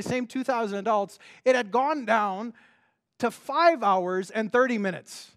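A man preaching a sermon in an animated, conversational way, with many restarts and rhetorical questions. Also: very high voice. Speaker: pastor.

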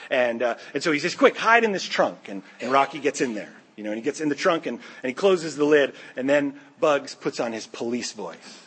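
A male pastor preaching a sermon, an animated storyteller who acts out the voices of the characters. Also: medium pitch, a little fast, hardly any pauses, breathy edge.

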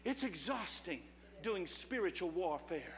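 A male pastor preaching an impassioned sermon at a church service, rising to shouts. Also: sits high, sing-song, measured pace, in a large hall.

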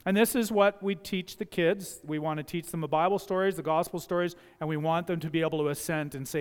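Speaking at a moderate pace, a male pastor delivers a church sermon with a smooth, resonant voice pitched high for a man. His emphatic delivery dips to quiet asides and swells loudly when he acts out quoted voices, all trailing off in the sanctuary's long reverb.

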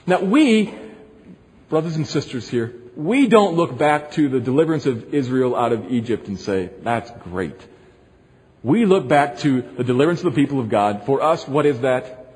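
A man's voice: medium pitch, lively intonation, normal speed, a little mellow. A male pastor preaching an earnest sermon, repeating phrases, in a long echoing hall.

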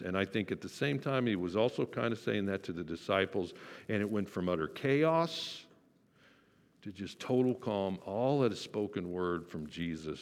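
A man preaching a sermon, animated, acting out quoted voices with sudden jumps in pitch and loudness. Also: long reverb tail. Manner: animated, acts out the disciples' panic in quoted voices. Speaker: pastor.

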